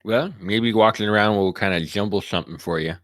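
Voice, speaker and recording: A man's voice: fairly low pitch, brisk, a bit bright, no room sound, clean studio sound. A man playing a tabletop role-playing game, stammering at times and teasing the other players. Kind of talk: casual in-character play.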